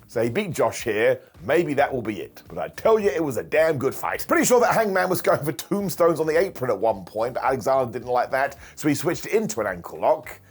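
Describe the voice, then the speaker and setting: A man in his thirties recaps a wrestling show in a casual, chatty way, with a wry humor that runs through his talk. His voice rises and falls a great deal as he talks, and he slips into quick takes on what the wrestlers said. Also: mid-range voice.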